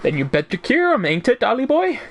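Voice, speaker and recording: A man's voice: extremely high pitch, huge pitch swings, brisk, fairly bright tone, a little hiss or hum, voice pushed up, full character voice. A man voicing a chatty little male fairy sidekick in a hammy mock Irish accent that slips toward Australian, reading game lines on a stream. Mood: playful. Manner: hammy, playful imitation.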